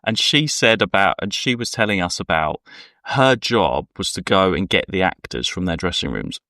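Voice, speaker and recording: A man's voice: sits low, lively intonation, moderate pace, bright, forceful tone, dry recording, studio quality. A man co-hosting a podcast, chatting casually and rambling through anecdotes while acting out the people he quotes. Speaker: podcast co-host. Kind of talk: casual chat.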